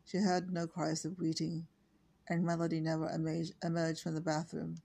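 Woman, 60s, from Ireland. Halting storybook read, dark mellow tone, monotone delivery. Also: low-pitched, gravelly, husky. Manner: halting, self-correcting reading. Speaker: storyteller reading her own novel. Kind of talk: slow unpolished reading aloud.

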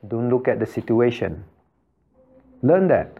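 A man's voice: medium pitch, expressive, normal speed. Male pastor giving a sermon, keeps asking the congregation questions, repeats stuff for emphasis, kinda dull recording. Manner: asks the congregation frequent rhetorical questions.

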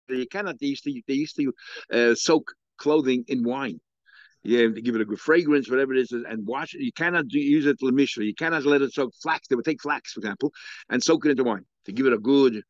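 A man's voice: mid-range voice, dry recording. A man with a Yeshivish English accent teaches a page of Talmud. He thinks aloud, full of fillers and restarts. The recording is dull and lo-fi, and dry with no room sound. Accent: Yeshivish English, Hebrew and Aramaic terms mixed in. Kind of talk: daily Talmud lecture.

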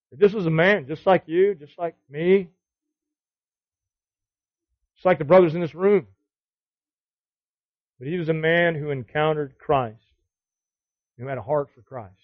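A man's voice: a little high, no room sound, lo-fi sound. A man teaching a Bible study to other men, exhorting them with repeated commands and rhetorical questions. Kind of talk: sermon.

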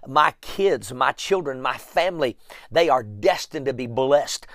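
A man's voice: medium pitch, expressive, unhurried, fairly bright tone, no echo. Male preacher, emphatic and repetitive, recorded close and dry. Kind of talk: sermon.

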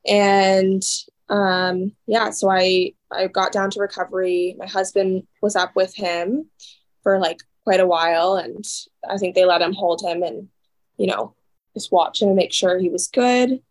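A woman's voice: mid-range voice, fairly even intonation. A young woman speaks as a podcast guest, telling an emotional story. Her phrases rush and loop back, packed with filler words and quoted asides as she relives each moment. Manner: talks in rushed, looping phrases with many "like"s and acted-out quotes.

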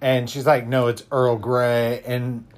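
A man's voice: mid-range voice, level tone, slow pace. A man hosting a podcast, chatting casually about a movie, laughing often and swearing offhandedly. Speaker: podcast host. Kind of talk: casual movie recap chat. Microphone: audio podcast mic.

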